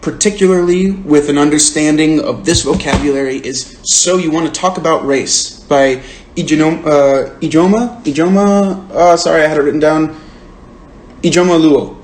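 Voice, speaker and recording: A man hosting a book club over a phone livestream, casual and earnest, rambling with lots of "like". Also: on the high side. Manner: rambling and earnest, heavy use of "like". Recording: roomy with faint hiss.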